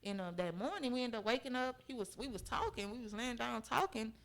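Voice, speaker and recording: A woman's voice: on the high side, brisk, fairly bright tone, rough recording. A young woman talking as a podcast guest, telling a personal story in an earnest, emphatic way and often checking in with her listeners. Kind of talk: conversational storytelling.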